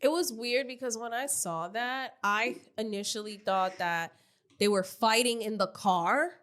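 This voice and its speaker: Higher-voiced woman podcast cohost, animated recap chat, swears a lot. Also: measured pace. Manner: animated retelling, acting out quotes, swears freely. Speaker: podcast co-host. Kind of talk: casual reality-TV recap chat.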